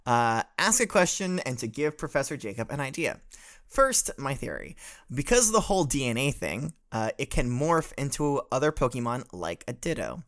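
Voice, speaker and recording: A man's voice: medium pitch, very animated, normal speed, fairly bright tone. A man hosting a comic podcast as a professor, reading listener letters in a wry, teasing way. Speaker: host playing a professor.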